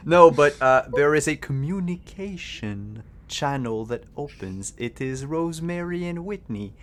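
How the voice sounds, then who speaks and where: A man's voice: on the high side, a little hiss or hum. Canadian man running a tabletop game. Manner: relaxed, halting narration with fillers. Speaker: game master.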